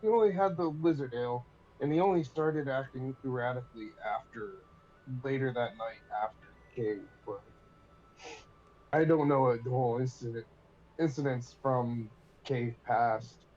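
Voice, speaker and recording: A man's voice: mid-range voice, normal speed, a little mellow. A man taking part as a player in a tabletop game, thinking aloud a little hesitantly. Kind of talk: casual in-game talk. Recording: dull, faintly noisy mic.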